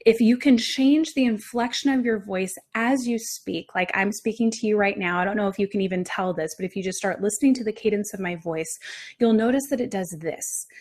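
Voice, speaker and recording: A woman coaching her listeners on speaking, her voice moving in deliberate waves of pitch. She talks in an upbeat, direct way and sits at a middle pitch for a woman. Her tone is that of a podcast host teaching her audience. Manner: sing-song, deliberately varied intonation. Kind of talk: motivational teaching talk.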